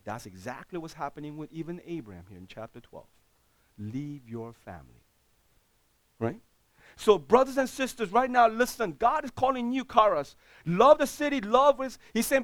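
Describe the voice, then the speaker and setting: A middle-aged man preaches a sermon with a high voice that leaps all over the place. He swings between loud, excited bursts and hushed low lines. The sound is close and dry. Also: normal speed, no echo. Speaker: pastor.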